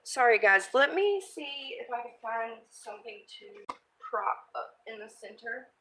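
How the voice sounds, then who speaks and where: A woman's voice: fairly high pitch, animated, a little slow, noisy background. A woman crafting vlogger chatting casually as she works and thinks aloud, reading viewer comments. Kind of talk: casual live-stream crafting chat.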